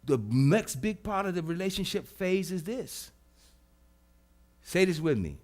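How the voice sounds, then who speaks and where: A man preaching a sermon as pastor, swinging from hushed, soft lines to loud, emphatic repetition. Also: high-pitched, very animated, a little slow. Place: church.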